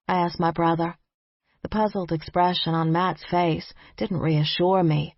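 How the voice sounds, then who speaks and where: Unhurried husky woman narrating. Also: fairly low pitch, fairly even intonation, no echo, dull audio. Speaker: audiobook narrator. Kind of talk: scripted first-person narration.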